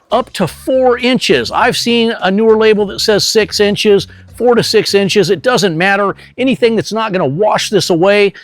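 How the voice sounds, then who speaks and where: A man hosting a pest control channel, giving an energetic, salesy product demonstration straight to the viewer. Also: high voice. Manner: energetic, salesy, direct to camera.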